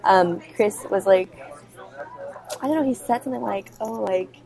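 A woman's voice: mid-range voice, normal speed, creaky, warm tone. A seventeen-year-old girl chatting on a podcast, giggly and rambling. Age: teens. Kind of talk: casual chat.

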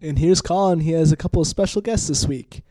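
A man's voice: fairly high pitch, brisk, mellow. A man hosting a podcast with friends, chatting casually, laughing and stumbling over his words. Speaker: podcast host. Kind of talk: casual chat.

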